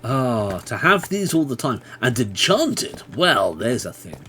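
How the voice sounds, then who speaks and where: A man talks his way through a live game stream, chatty and loose, with a pitch that swings widely as he breaks into excited taunting yells. A faint hiss sits under his voice. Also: a little slow. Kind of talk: live gaming stream commentary.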